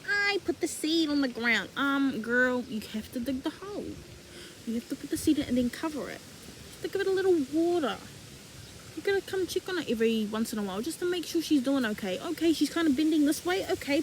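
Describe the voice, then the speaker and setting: A young woman giving a casual faith talk as a vlogger, animated and slangy, acting out imagined dialogue. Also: high-pitched, quick pace, slight background noise, poor audio.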